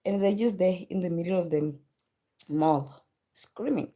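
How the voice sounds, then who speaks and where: A woman's voice: fairly low pitch, unhurried, mellow. A woman chatting casually on a live stream about being a mother. She repeats words for emphasis and thanks viewers by name. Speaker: livestream host and mother.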